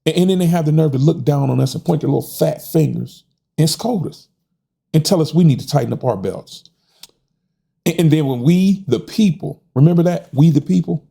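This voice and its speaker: A man's voice: on the high side, normal speed, gravelly, dark tone, breathy edge. A middle-aged American man in a casual monologue, frustrated and folksy, often stumbling over repeated words and tossing in "man". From United States. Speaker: host.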